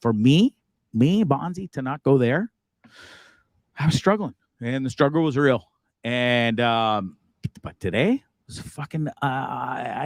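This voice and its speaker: Man, livestream host, casual, rambling, profane, self-mocking, very animated pitch, dry sound. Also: slow, vocal fry, no room sound. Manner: rambling, profane, laughs at himself. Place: a bus.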